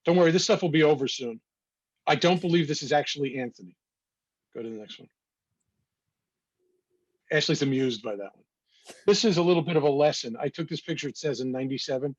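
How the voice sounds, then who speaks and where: A photographer with a husky, slightly rough voice walks casually through a slideshow of his own pictures, telling wry little anecdotes at a mid-range pitch. He talks briskly but leaves long pauses. The recording is close, muffled, dull and dry, with no room sound.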